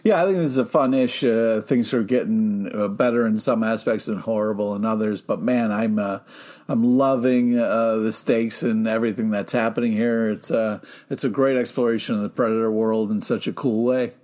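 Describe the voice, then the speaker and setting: A man's voice: fairly low pitch, fairly even intonation, moderate pace, darkish tone. A man co-hosting a comic book podcast who gushes about the books and swears casually. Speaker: podcast co-host. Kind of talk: casual comic review chat.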